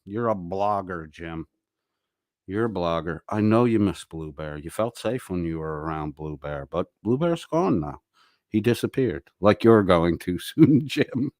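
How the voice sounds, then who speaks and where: A man's voice: sits low, animated, unhurried, a little mellow, no room sound, studio quality. Crude taunting male streamer. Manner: taunting, crude, laughing between jabs. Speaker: livestream host. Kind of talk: profane mocking livestream commentary.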